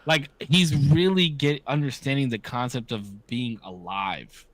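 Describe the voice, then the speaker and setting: A man in his 30s co-hosts a podcast in casual chat, candid and often swearing, acting out the voices of people he quotes. His mid-range voice is a little slow and a bit bright, with no room sound.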